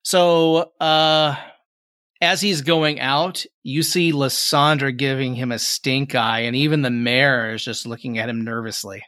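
A man's voice: mid-range voice, fairly even intonation, unhurried, pushed and bright, dry recording, clean studio sound. A man narrating a tabletop game as game master, in a casual, rambling way with lots of fillers.

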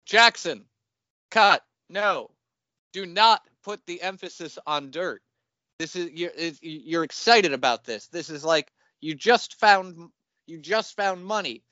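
A man's voice: high-pitched, slow, a bit bright, no echo, voice pushed up. A man voicing an exasperated male theater director who patiently insists while coaching an actor, on dull lo-fi call audio.

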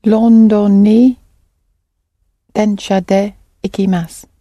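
A woman learning a language who answers the teacher's prompts tentatively. Her voice is mellow and recorded dry. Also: medium pitch, level tone, unhurried, no echo, dull audio. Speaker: student.

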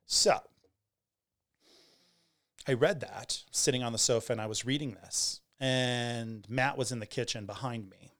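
A man in his forties, talking candidly to camera in a conversational way, trailing off with pauses and restarts. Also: mid-range voice, lively intonation, a bit bright. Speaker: vlogger telling a personal story. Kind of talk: candid personal storytelling.

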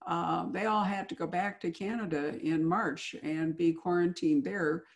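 A woman's voice: fairly low pitch, fairly even intonation, measured pace. A woman interviewing an author, chatty and enthusiastic in a casual conversation.

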